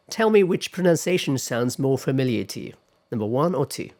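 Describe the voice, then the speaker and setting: A man at a mid-range pitch delivers a classroom lecture on pronunciation. He keeps a measured pace, checking in with "okay" and "all right". He demonstrates sample words aloud as he teaches. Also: expressive, darkish tone.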